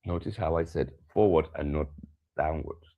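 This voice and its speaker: Low-voiced man guiding a stretching class. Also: moderate pace, phone-quality sound. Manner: calm instructive cues, drops to soft emphasis. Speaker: yoga and somatic practice teacher.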